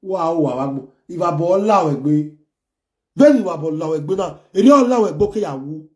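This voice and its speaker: A man's voice: animated, normal speed. Mocking Nigerian man ranting in an echoey room. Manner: insulting, mocking, switches between loud jeers and low muttering. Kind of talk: ranting online commentary.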